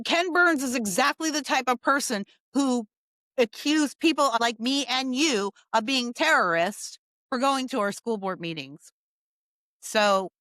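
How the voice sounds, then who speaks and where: A woman's voice: fairly high pitch, sharp tone, dry recording. Emphatic, sarcastic woman commentator. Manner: emphatic, repeats points, sarcastic. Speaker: political commentator host. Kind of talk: opinion monologue.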